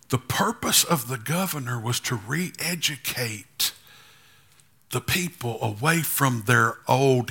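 High gravelly preaching man. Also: sharp tone. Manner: preaching with rising emphatic build-ups; repetitive rhetorical phrasing. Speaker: pastor. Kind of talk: sermon.

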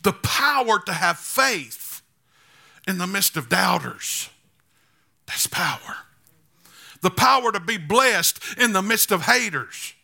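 Man, pastor, sermon, high voice, gravelly, bright sharp tone, emphatic repeated build-ups. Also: sing-song, slow, pauses often. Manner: repetitive rhetorical phrasing.

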